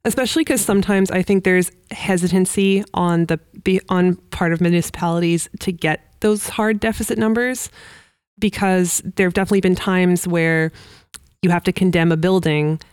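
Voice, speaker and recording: A woman's voice: lowish voice, fairly even intonation, moderate pace, a little mellow, clean tone, no echo. A woman hosting a podcast interview, casual and conversational, asking follow-up questions. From Canada. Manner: casual, conversational, laughs lightly. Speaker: podcast host.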